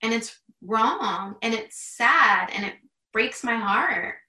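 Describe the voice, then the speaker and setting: A woman in her thirties speaks with heartfelt earnestness in a loose, chatty way. Her voice is bright and forceful. She sits a little back from the mic in a roomy, echoing space. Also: fairly high pitch, lively intonation, slow, far from the mic. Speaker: guest. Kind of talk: candid conversation.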